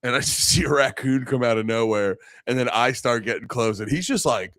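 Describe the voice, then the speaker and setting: A man's voice: mid-range voice, brisk, no room sound, clean studio sound. A man co-hosting a comedy podcast, telling stories with lots of laughter and acted-out voices. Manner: animated, laughing, acts out quoted voices. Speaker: podcast co-host. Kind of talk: casual comedic storytelling.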